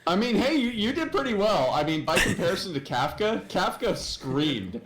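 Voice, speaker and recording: A man chatting casually, telling lively stories and acting out what others said. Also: high-pitched, normal speed, echoey room, a loud crowd, rough recording. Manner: animated storyteller, acts out others' voices. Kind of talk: casual chat.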